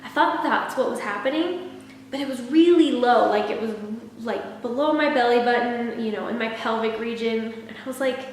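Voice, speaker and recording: A woman's voice: a little high, a little hiss or hum. A young woman vlogging a casual pregnancy update, chatty and rambling with many fillers and restarts, a little out of breath. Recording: very echoey room with long reverb.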